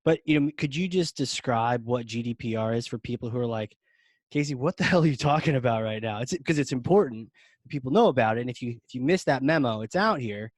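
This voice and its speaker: A man hosting a podcast with an ordinary mid-range voice. He is eager and enthusiastic, quick to agree and to steer the talk, recorded close and dry. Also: medium pitch, lively intonation, dry recording. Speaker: podcast host. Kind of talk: casual podcast interview.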